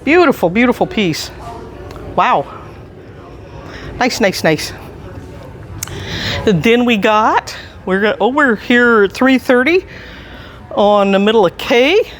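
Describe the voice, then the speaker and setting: An enthusiastic staff member gives a casual walking tour of a big indoor antiques mall and chuckles often between remarks. The voice sits in a middle pitch range. A faint hum of ambience runs behind it, picked up by a handheld camera on the move. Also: lively intonation, slow pace, pauses often, fairly bright tone.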